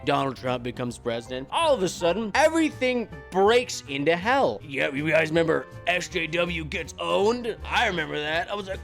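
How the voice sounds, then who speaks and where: A man's voice: high voice, very animated, a little fast, hardly any pauses, a bit bright, faint music behind. A young American man talking to camera in a nervous, rambling, self-deprecating way. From United States. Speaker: YouTuber. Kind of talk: casual monologue to camera.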